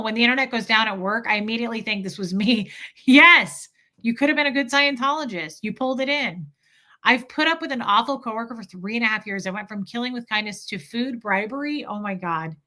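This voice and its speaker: Bright, chatty woman livestreaming. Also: mid-range voice. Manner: chatty, candid, reacts to viewer comments. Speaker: livestream host reading super chats. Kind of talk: casual livestream chat.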